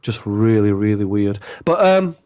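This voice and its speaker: A man, a podcast guest, telling a long anecdote in a rambling, animated way and acting out the dialogue. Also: fairly low pitch, unhurried, clean tone, dry recording. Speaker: podcast guest, former club DJ. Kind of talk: casual storytelling. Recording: dull lo-fi podcast audio.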